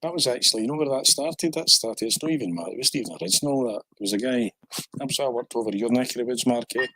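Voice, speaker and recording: Husky older Scottish man telling stories. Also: mid-range voice, expressive, quick pace, sharp tone, dry recording, poor audio. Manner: anecdotal, chuckling storyteller. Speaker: podcast guest. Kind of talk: casual podcast chat.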